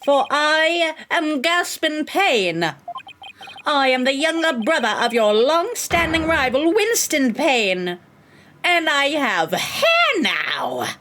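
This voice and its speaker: Game villain read: woman voicing a smug, pompous male prosecutor, slow and haughty, pitched a bit high. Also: very animated, sharp tone, a little hiss or hum, heavily acted.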